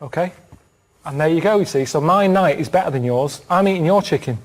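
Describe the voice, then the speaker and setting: A man with a Northern English accent, chatting on a comedy podcast in a deadpan, rambling way. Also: on the high side, fairly quick, slight background noise. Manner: deadpan, rambling, plain-spoken. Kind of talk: casual comic chat.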